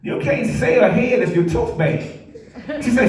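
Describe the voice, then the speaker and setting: A stand-up comedian rambles through his stories and keeps breaking into laughter at his own punchlines. He has a high-pitched voice. The sound is distant and rings through a very echoey club. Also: a little slow, darkish tone. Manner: loose, rambling storytelling with frequent laughs at his own jokes. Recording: very echoey room from afar.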